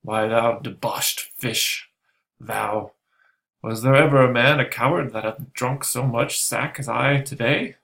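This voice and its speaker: A man's voice: medium pitch, measured pace, gravelly, a bit bright. A man reading the lines of a drunken jester, mocking and insulting.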